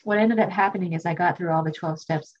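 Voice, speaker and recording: Low, husky woman telling her recovery story. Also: fast talker, lo-fi sound. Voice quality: candid, emotional, self-mocking. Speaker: recovery meeting speaker. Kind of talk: personal recovery testimony.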